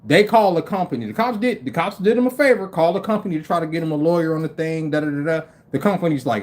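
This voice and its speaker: A man in his forties hosting a livestream, telling stories in an animated, profane, incredulous way and acting out other people in quick voices. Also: fairly high pitch. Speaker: livestream host. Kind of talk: casual storytelling rant.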